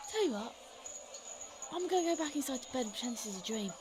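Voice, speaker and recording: A woman's voice: high-pitched, expressive, fast talker. A woman voicing a tired, put-upon male town guard who grumbles in a resigned way. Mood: weary.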